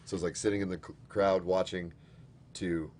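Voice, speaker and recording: A man's voice: low-pitched, flat delivery, normal speed, a little mellow, a little hiss or hum. A man appearing as a guest on a live stream, talking in a laid-back, dry way and teasing the host. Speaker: guest, pro wrestler. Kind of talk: casual interview chat.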